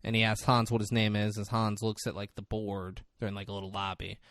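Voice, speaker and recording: A man's voice: on the low side, completely flat delivery, a little fast, a bit bright, no room sound, studio quality. A man co-hosting a podcast, casually retelling a film scene and acting out the characters' lines. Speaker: podcast co-host. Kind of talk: casual movie recap chat.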